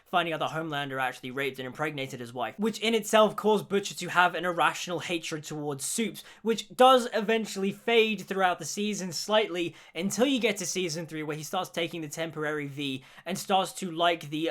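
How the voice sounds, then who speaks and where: A man's voice: a little high, a bit bright. A young man giving an enthusiastic spoken review of a TV series, gushing with praise. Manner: gushing, repeats "genuinely". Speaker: show reviewer.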